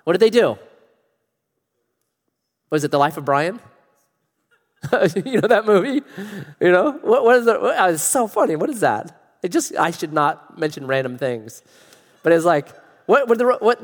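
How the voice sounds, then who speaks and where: A middle-aged man preaching a sermon as pastor, animated and joking, acting out quotes in other voices. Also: high voice, moderate pace, pauses often. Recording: long reverb of a large hall.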